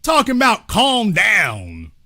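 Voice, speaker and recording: A male host with a high voice takes his time while offering casual, joking commentary on a video. He's animated and speaks directly to his viewers, calling them y'all.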